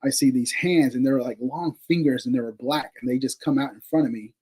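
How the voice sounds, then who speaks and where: A man's voice: mid-range voice, a little fast, a little mellow, husky, rough recording. A man, a paranormal investigator, telling a story casually, with many fillers, casual swearing and laughs between remarks.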